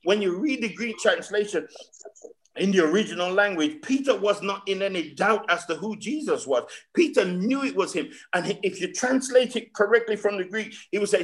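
A man preaching a fervent sermon to his congregation, stammering through restarts and drawing out key phrases slowly for emphasis. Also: sits high. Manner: addresses the congregation as saints.

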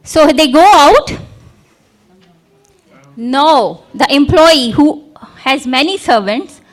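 A woman's voice: sits high, expressive, takes it slowly. A woman preaching a sermon, retelling a parable and acting out its characters. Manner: acts out parable characters with props and volunteers.

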